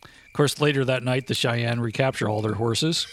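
Guy on a podcast telling old west history, relaxed, lots of uhs, bit of hiss behind. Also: mid-range voice, moderate pace. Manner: laid-back storytelling with frequent uh fillers. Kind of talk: casual profane history chat.

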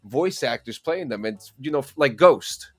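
A man's voice: mid-range voice, expressive, measured pace, no echo. Male podcast co-host, stammery news segment, plain mid voice, dry sound. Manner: stammering, repeats words. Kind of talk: casual podcast chat.

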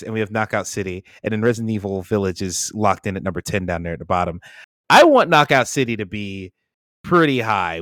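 A man's voice: fairly low pitch, a bit bright, no echo, studio quality. A man hosting a casual gaming podcast, swearing freely as he steers the group through its rankings. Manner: loose, profane, runs the ranking discussion. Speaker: podcast host.

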